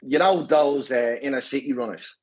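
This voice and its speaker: A man's voice: mid-range voice, moderate pace, rough recording. A man with a Dublin accent, a podcast guest and marathon pacer, telling stories in a casual chat full of swearing, banter and a habit of asking "right?". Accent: Dublin Irish.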